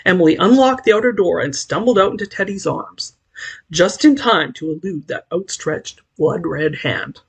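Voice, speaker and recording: An audiobook narrator reading a story aloud in a measured, expressive way. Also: medium pitch, gravelly, husky.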